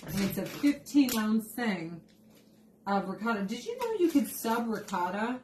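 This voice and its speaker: A woman's voice: a little high, very animated, moderate pace, darkish tone. A woman hosting a casual cooking video in her home kitchen, chatting in a rambling, jokey way with side stories. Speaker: cooking show host. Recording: noticeable background noise.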